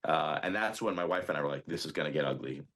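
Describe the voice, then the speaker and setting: A man telling what happened in an interview, hesitant, with many pauses and ums. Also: rumbling low, fairly bright tone. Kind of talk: recounting an incident in an interview.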